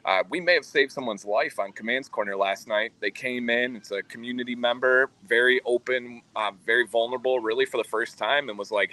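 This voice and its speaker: Bright-voiced earnest man telling a story. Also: medium pitch, steady tone, fairly quick, few pauses, no room sound, poor audio. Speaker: co-host. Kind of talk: livestream chat.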